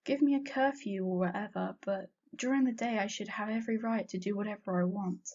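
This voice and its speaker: A woman's voice: medium pitch, fairly quick, a little mellow, close to an everyday voice. A woman voicing a sassy teenage girl who begs and pleads eagerly, in a dull lo-fi recording. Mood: demanding.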